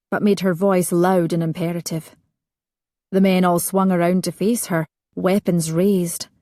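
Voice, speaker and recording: Low-voiced woman narrating an audiobook. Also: a little mellow, no room sound, studio quality.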